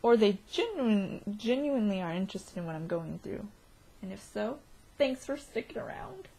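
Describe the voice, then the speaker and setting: A woman vlogging a casual video diary, excitable and giggly, rambling from one thought to the next. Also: medium pitch, moderate pace, vocal fry, husky.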